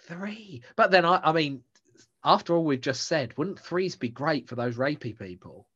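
A man's voice: on the high side, expressive, normal speed, fairly bright tone, slightly rough. A man, a stand-up comedian chatting casually on a podcast and telling rambling, self-mocking stories. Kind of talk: casual chat between comedians. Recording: dull lo-fi sound.

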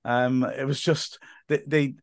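A man's voice: mid-range voice, fairly even intonation, takes it slowly, dry recording, studio quality. A man, a football commentator chatting as a podcast guest and telling stories with many restarts. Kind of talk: casual podcast chat.

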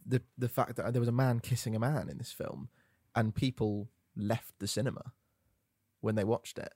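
A man in a casual film discussion, speaking in a measured, thoughtful way. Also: mid-range voice, steady tone, warm tone, husky, no room sound, studio quality.

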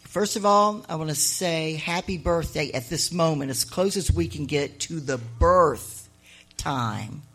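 A middle-aged woman and author telling stories live on stage to an audience, chatty and animated, with laughing asides. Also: low-pitched, unhurried, slightly rough. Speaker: author and honorary mayor addressing an audience.

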